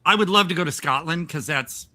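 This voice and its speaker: An older American man hosts a casual podcast chat. His voice is very bright and pitched a little high. He rambles, restarts sentences and laughs often. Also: brisk. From United States. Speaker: podcast host.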